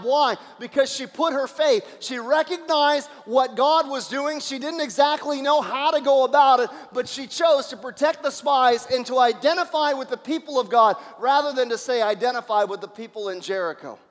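A male pastor preaching a sermon, energetic, throwing out rhetorical questions and swinging between loud and soft. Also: very high-pitched, normal speed, hardly any pauses, big-room sound.

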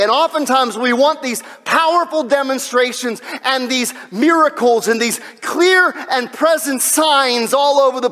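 A man delivering a sermon, swinging between loud exhortation and hushed, almost whispered passages. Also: very high-pitched. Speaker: pastor. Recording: long reverb of a large hall.

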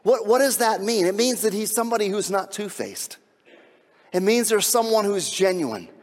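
A man preaching a sermon with emphatic delivery, swinging from hushed, intimate passages to shouted climaxes. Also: high voice, lively intonation, moderate pace, long reverb tail. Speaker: pastor.

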